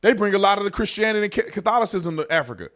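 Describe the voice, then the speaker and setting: Man, online commentary host, heated rant, high-pitched, very animated pitch. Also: rapid-fire. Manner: heated, animated, swings between shouting and muttering. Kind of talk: ranting reaction commentary.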